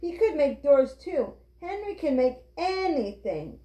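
A woman doing an excited small boy. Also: high-pitched, measured pace, pitched above the performer's own voice. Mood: eager. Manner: eager, exclaiming. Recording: roomy, dull lo-fi.

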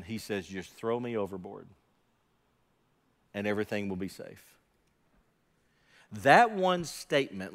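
A man delivers a sermon from the pulpit, driving his points home with pointed rhetorical questions. His mid-pitched voice drops to quiet asides and then climbs to loud, raised passages. The sound carries a long reverb, as in a large church sanctuary. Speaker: pastor.

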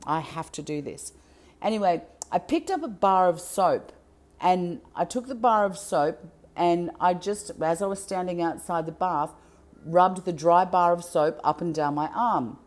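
A woman with a slightly low-pitched voice tells a personal story. She speaks earnestly and with emphasis, and her delivery is heartfelt. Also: measured pace.

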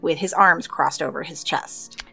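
Low-voiced woman running a tabletop game. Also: measured pace, vocal fry, pushed and bright, breathy edge, soft background music. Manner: hesitant, many fillers. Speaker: game master.

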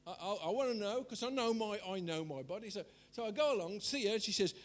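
A man's voice: high-pitched, lively intonation, fast talker, few pauses. An older man preaching a sermon in a chatty, rambling way, laughing at himself as he tells personal stories.

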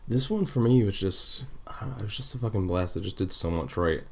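A man's voice: lowish voice, a little fast. A man co-hosting a casual review chat, rambling with lots of fillers and the odd swear. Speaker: podcast co-host.

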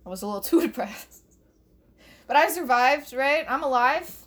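A woman's voice: sits high, animated, normal speed, a bit bright, slight background noise. Profane young woman ranting stand-up. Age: young adult. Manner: profane, rambling, laughs at own jokes. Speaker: comedian. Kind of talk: solo stand-up style rant. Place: bedroom. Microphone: phone.

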